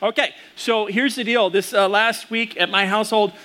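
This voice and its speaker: Bright-voiced man preaching a sermon. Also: high-pitched, fairly even intonation, moderate pace. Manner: casual storytelling with audience asides. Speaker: pastor.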